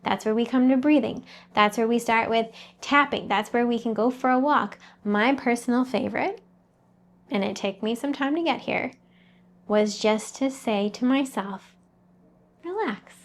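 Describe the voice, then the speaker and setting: Earnest, higher-voiced woman coaching. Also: moderate pace. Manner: earnest, conversational, addresses listener directly. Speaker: mindset coach. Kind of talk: motivational talk to camera.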